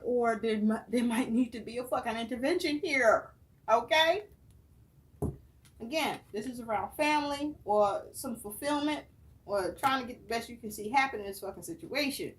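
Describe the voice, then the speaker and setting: A woman with a fairly high voice doing a tarot reading. She talks casually and bluntly, swears constantly and addresses the viewer directly with lots of emphasis. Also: normal speed. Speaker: tarot reader.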